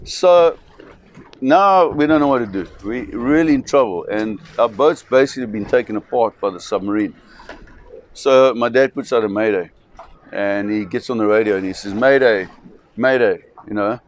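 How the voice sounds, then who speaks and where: A man's voice: fairly low pitch, normal speed. Brief: man recounting a tale with vivid energy, faint noise behind. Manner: vivid, restarting, acts out voices. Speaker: shark expedition operator. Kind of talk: dramatic storytelling.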